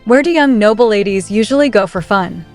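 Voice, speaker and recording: A woman's voice: medium pitch, animated, brisk, soft background music, lightly acted. Woman reads young male duke, direct and kind, own voice, storybook recap. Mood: matter-of-fact. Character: young duke, blunt but caring.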